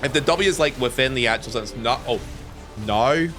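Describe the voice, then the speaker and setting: A young man from Northern Ireland with a softened Northern Irish accent, chatting and joking casually with his stream viewers. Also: mid-range voice, brisk, music in the background.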